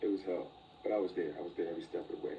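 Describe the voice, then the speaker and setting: A man with a very deep, gravelly voice tells his own story. He sounds dark and mellow, low-key and reflective, and sometimes sinks nearly to a whisper. A faint hiss of noise sits behind him. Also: fairly even intonation, rapid-fire, recorded from a distance, poor audio. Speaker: interview guest. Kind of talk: candid personal storytelling.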